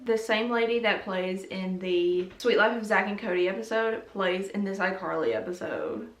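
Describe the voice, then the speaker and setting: A woman's voice: medium pitch, animated, moderate pace. A young woman hosting a casual video, chatting and giggling about TV episodes with lots of "like". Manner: chatty and giggly, heavy use of "like". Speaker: YouTube host. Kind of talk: casual chat reviewing TV episodes. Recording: roomy echo, mic at a distance.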